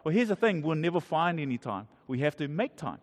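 High-voiced man preaching casually in a hall. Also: big pitch swings. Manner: conversational, halting with many restarts and asides to the audience. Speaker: pastor. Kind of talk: casual sermon. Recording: long hall reverb.

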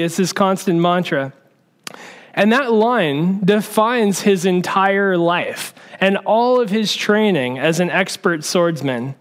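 Male pastor, high and clear, relaxed storytelling sermon delivery. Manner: conversational storytelling preacher.

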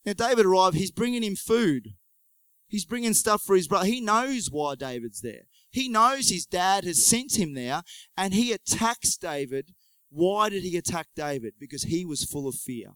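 A man preaching in a high, smooth and resonant voice. He tells the story conversationally, with animated delivery and quick joking asides. The sound is dry and close, with no room around it. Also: no room sound, low-quality recording. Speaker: pastor. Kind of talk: conversational sermon.

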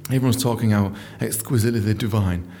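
A man telling a comic story, animated, often jumping into squeaky high voices for jokes. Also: quick pace, slight background noise. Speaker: comedian storyteller.

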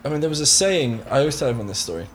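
A young man with a light Somerset accent talks in a mid-pitched voice. He chats easily as a guest, telling stories in a relaxed, good-humoured way. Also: slight background noise. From Somerset, England. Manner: chatty, storytelling, quick to laugh. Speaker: guest musician. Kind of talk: casual podcast chat.

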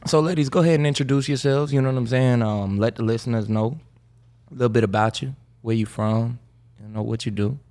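Joking male podcast host with a gravelly voice. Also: medium pitch, steady tone, fairly quick, mellow. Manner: laid-back, joking, mock-smooth late-night radio delivery. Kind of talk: casual podcast chat. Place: podcast studio.

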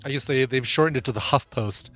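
A man's voice: mid-range voice, fast, fairly bright tone, faint music behind. A man co-hosting a podcast, reading listener questions and adding dry jokes in casual chat. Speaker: podcast co-host.

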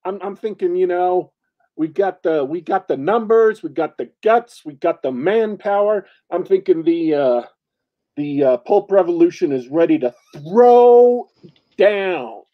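A man's voice: high-pitched, expressive, a little slow. A man co-hosting a casual chat, rambling, laughing often and restarting his sentences. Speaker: podcast co-host. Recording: lo-fi, dull sound.

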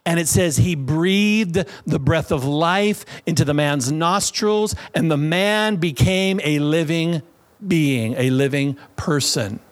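A man preaching a sermon as a pastor, telling stories with lively acted-out voices and breathy sounds. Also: fairly high pitch, slow. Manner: animated storytelling, acts out voices and breathy sounds.

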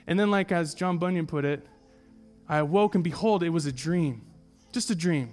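A man's voice: a little high, normal speed, darkish tone, faint music behind. A man preaching a sermon in a church and reading an allegory aloud, earnest and emphatic, repeating his key lines. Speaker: pastor.

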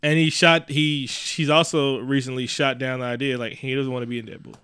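An animated man trading opinions in a casual chat, cursing freely and leaping into high, excited bursts. His voice is bright and forceful, recorded close and dry with no room sound. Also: brisk, clean tone, no room sound. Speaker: podcast co-host.

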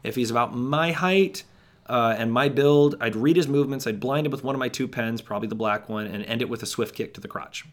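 Playing an anxious, paranoid young man, a man delivers a rambling first-person monologue laced with wry asides to the audience. His medium-pitched voice runs a little fast and sounds close to everyday speech.

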